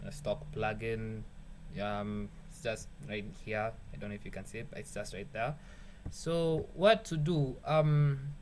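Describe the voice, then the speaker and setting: A young man with a medium-pitched, slightly mellow voice runs a casual screen-recorded beat-making tutorial over faint background noise. He rambles loosely, swears offhandedly, makes fun of himself, and laughs at his own jokes.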